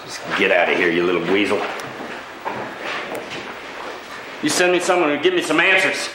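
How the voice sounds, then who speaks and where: A man playing an angry, defiant man held in quarantine, talking gruffly and sarcastically in a film drama. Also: lowish voice, big pitch swings, fast talker, roomy sound, noisy background. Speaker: quarantined man confronting officials.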